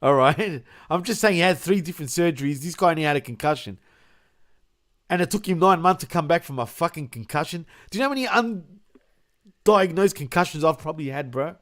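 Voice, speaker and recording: A man's voice: a little high, animated, a little fast, fairly bright tone. A man co-hosting a crude, casual podcast chat, laughing often and saying "bro" a lot. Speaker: podcast co-host.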